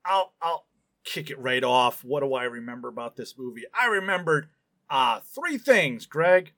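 A man's voice: mid-range voice, sing-song, moderate pace, a bit bright. A man co-hosting a casual podcast, chatting playfully and laughing often. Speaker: podcast co-host. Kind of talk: casual chat.

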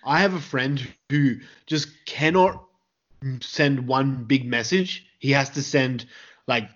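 A man's voice: medium pitch, slow pace, a bit bright. Australian male podcast host, jokey trivia reader, laughs a lot, muffled lo-fi sound. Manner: laughs often, reads out trivia in a loose, joking way. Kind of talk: casual podcast chat.

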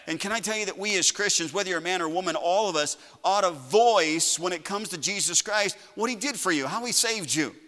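A male preacher with a bright, ringing voice pitched a little high. His passionate sermon climbs to loud shouts and then drops into quiet asides. His voice carries the long echo of a large hall. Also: a little fast, hardly any pauses. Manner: impassioned preaching, rising to shouts then dropping low. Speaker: pastor.

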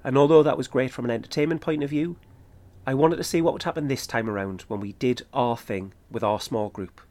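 A man, calmly narrating his own trip in a scripted podcast. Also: medium pitch, brisk. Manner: steady, matter-of-fact storytelling. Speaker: podcast host. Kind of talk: scripted first-person narration.

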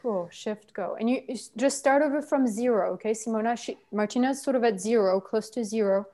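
A woman's voice: on the high side, a little fast, mellow. A woman trainer coaching a practice session, giving directive, encouraging step-by-step instructions. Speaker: anger workshop trainer.

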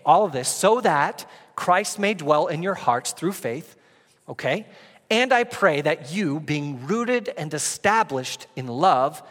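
A fairly high-voiced man preaches a sermon in a church sanctuary. He talks earnestly, telling stories and climbing in pitch and force as he builds. A long reverb hangs behind his voice. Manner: earnest, storytelling, rising in pitch and volume when excited. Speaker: pastor.

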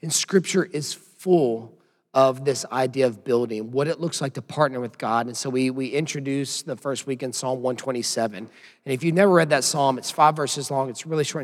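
Man, pastor, hoarse voice, 30s, casual rambling church talk, long hall reverb. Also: medium pitch, moderate pace. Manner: casual, rambling, self-deprecating asides. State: hoarse from yelling while coaching. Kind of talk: church announcements and sermon opening.

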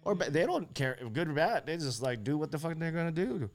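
A man's voice: fairly high pitch, very animated, fairly quick. A man co-hosting an online talk show in loose, joking chat, swearing freely and laughing often. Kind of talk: casual chat.

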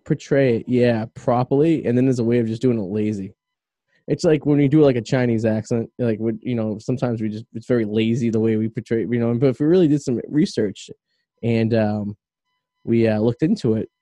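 A male radio host with a very dark, mellow voice, chatting casually and rambling through his thoughts with plenty of fillers. The sound is dry and close, with little room around it. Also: mid-range voice, brisk, no room sound. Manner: rambling, loose, filler-heavy talk. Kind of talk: casual chat.

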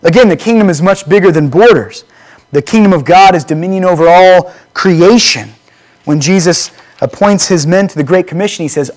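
A man's voice: high voice, moderate pace, darkish tone. Earnest man preaching. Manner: earnest preaching, reads scripture aloud, asks the congregation questions. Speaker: pastor. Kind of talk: sermon.

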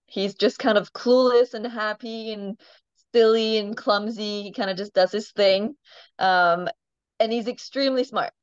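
A chatty woman tells farm animal stories in a relaxed interview, with frequent laughs and easy "um"s. The sound is dry and a little muffled, with no room echo. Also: mid-range voice, measured pace, clean tone. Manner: chatty storyteller, laughs often, many ums. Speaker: farm animal owner, guest. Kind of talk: casual interview chat.

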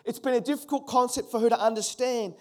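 A pastor in his forties preaches a sermon in a very high, steady voice at a quick pace. He is emphatic, repeating key phrases and calling on the congregation to respond.

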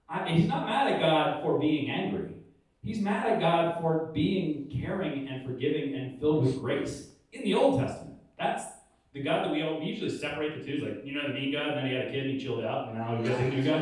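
Storytelling pastor type, animated and funny, in a very echoey room. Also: male voice, on the high side, a little fast. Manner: animated, humorous storytelling with acted-out quotes. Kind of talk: casual preaching talk. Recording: echoey room, far from the mic.

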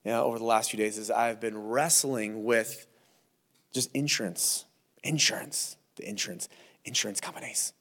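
Animated man preaching casually. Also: mid-range voice, normal speed. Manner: conversational, animated preaching with mock quotes and asides. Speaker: pastor. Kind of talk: verse-by-verse sermon.

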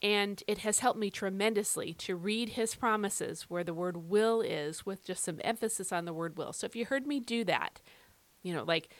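A woman's voice: mid-range voice, moderate pace, no room sound. A woman hosting a devotional podcast, reading scripture and teaching in an earnest, emphatic, conversational way.

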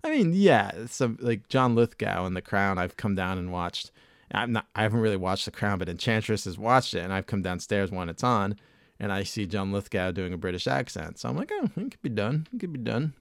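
Low-ish guy on a podcast, rambly and laid back, cusses a lot, dry close mic. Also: animated, a little fast, creaky, clean tone, no room sound. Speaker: podcast host. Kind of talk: casual chat.

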